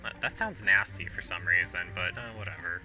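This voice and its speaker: A man's voice: sits low, a little fast. A young man in his twenties rambling casually with many fillers and restarts while playing a city-building game, hiccuping now and then. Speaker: gaming video host. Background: game music.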